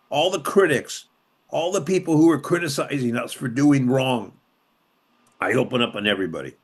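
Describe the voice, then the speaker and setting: A man's voice: medium pitch, a bit bright. An older man from Los Angeles, a former police officer and city councilman, telling his story with emphatic repetition and strong emotion. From Los Angeles, USA. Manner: emotional retelling, voice rising and dropping sharply. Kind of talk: conversational storytelling.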